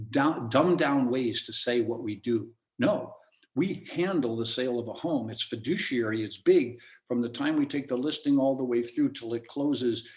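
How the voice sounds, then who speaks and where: A man teaching real estate agents in a training session. He speaks at a middle pitch and drives his points home with punchy emphasis and repeated phrases. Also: darkish tone. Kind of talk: training talk.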